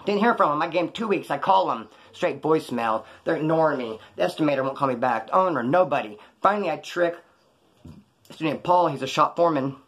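Fast-talking husky man telling stories. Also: a little high, animated, a bit bright. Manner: slangy and profane, acts out quoted dialogue. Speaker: former inmate telling his story. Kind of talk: casual storytelling.

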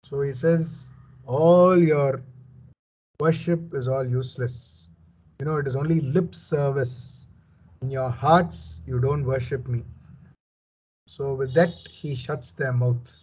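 A man's voice: medium pitch, fairly even intonation, unhurried, darkish tone, a little hiss or hum, rough recording. A man giving a verse-by-verse Bible commentary, reading passages and explaining them earnestly and emphatically, often saying "you know". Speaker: Bible teacher.

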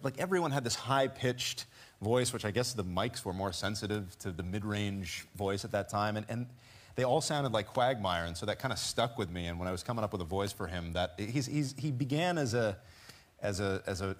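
A man in his forties, a voice actor talking casually as a talk show guest, animated and quick to slip into character voices. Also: on the low side.

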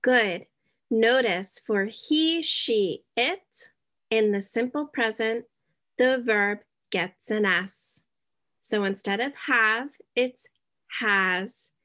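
Slow, deliberate woman English teacher. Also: fairly high pitch, a bit bright. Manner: slow, deliberate, checks in with "okay?"; drops in Spanish words. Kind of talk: slow beginner English lesson.

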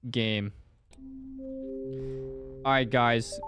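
A man's voice: medium pitch, fairly even intonation, extremely slow, over music. A young man gives jumpy commentary while playing a horror game, talking to himself and swearing now and then. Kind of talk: gameplay commentary.

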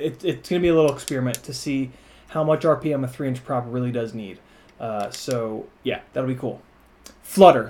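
A man's voice: medium pitch, darkish tone. A man hosting a drone channel, reviewing gear casually at a workbench, rambling and correcting himself, with a bit of swearing. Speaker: FPV drone channel host.

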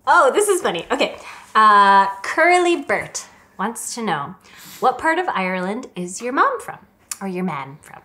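A woman from upstate New York, the host's sister, chatting casually in a Q&A, self-mocking and quick to laugh. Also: on the high side, very animated, pushed and bright. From Saratoga Springs, New York. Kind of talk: casual Q&A chat.

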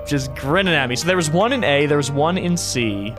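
Man, gaming streamer, thinking aloud, jumpy reactions, bouncy expressive voice, soft game music underneath. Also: fairly high pitch, fairly quick, few pauses. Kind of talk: let's play commentary.

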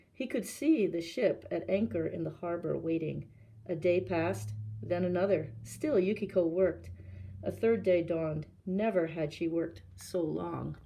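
Low-voiced woman reading a fairy tale aloud, calm and slow. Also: creaky, low-quality recording. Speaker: library storyteller. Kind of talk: storybook read-aloud.

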